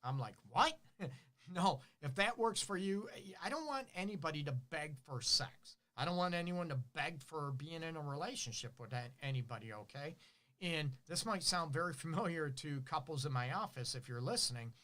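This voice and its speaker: Animated male relationship counselor. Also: a little high, normal speed. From Detroit. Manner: animated, asks rhetorical questions, acts out partners' lines. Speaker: relationship counselor hosting a show. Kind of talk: casual advice monologue.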